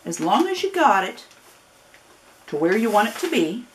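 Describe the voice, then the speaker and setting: A woman's voice: mid-range voice, sing-song, moderate pace, slight background noise. A woman from Northern Ohio with a Northern US accent that has picked up a Southern twang, giving a chatty, folksy step-by-step craft demonstration with friendly warnings and rambling asides. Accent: Northern US with a growing Southern twang. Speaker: craft tutorial host.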